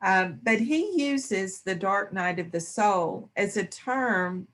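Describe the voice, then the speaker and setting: A woman speaking in a reflective spiritual discussion, slow and thoughtful. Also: medium pitch, lively intonation, fairly bright tone. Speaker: discussion panelist.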